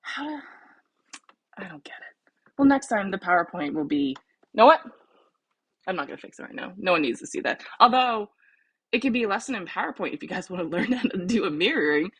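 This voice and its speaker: A woman's voice: fairly low pitch, lively intonation, fast talker, fairly bright tone, husky, dry recording. A woman with a Southern US accent hosting a casual livestream, chatty and laughing at herself as she talks. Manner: chatty, laughing, self-deprecating. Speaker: host.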